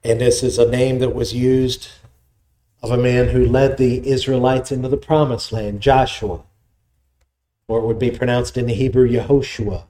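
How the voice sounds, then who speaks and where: A man's voice: mid-range voice, little pitch movement, moderate pace, dark tone. A man preaching a sermon, explaining scripture in a conversational, teaching way. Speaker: pastor.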